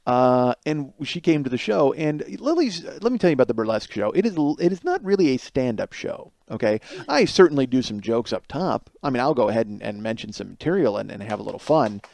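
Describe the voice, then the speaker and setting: A man's voice: mid-range voice, very animated, a little fast, creaky, hardly any pauses, darkish tone, no echo. Profane, rambling comedian man, dry close mic. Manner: profane, rambling storytelling with laughs. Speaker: podcast host. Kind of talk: solo comedic monologue.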